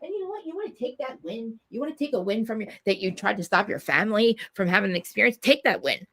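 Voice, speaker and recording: A woman hosting a live podcast, talking fast and loud in blunt, swearing casual chat. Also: on the high side, sing-song. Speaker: podcast host.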